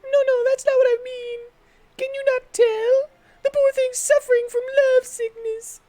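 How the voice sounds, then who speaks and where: Woman doing a squeaky meddling girl. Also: moderate pace, warm tone, poor audio. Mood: eager. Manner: high, squeaky, pushy put-on voice. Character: meddling, eager young woman matchmaker.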